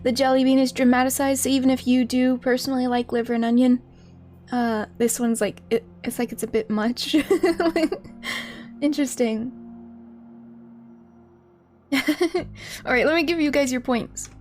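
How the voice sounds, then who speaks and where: A woman's voice: sits high, steady tone, a little slow, long pauses, a little mellow, faint music behind. A woman live-streaming a video game, giggling often and chatting to her viewers as she plays. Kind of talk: live gameplay commentary.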